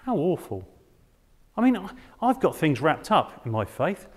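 A man's voice: on the high side, big pitch swings, a little slow, long reverb tail. A man voicing a self-righteous churchgoer who boasts and talks with scorn. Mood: smug.

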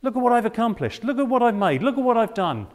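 A man's voice: fairly high pitch, very animated, normal speed, long reverb tail. A man voicing a self-righteous churchgoer who boasts and talks with scorn. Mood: smug.

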